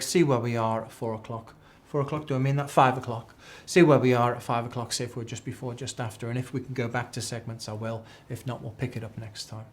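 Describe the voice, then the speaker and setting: A man teaching an accounting exam class, chatty and repeating key phrases as a drill. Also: mid-range voice. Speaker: accounting tutor. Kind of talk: live exam tuition lecture.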